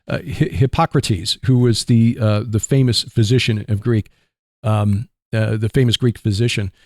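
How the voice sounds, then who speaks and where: A man with a Midwestern accent hosting a casual Christian radio talk show, rambling and halting with fillers. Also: on the low side, fairly even intonation, a little mellow, dry recording, clean studio sound. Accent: Midwestern American. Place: barn studio.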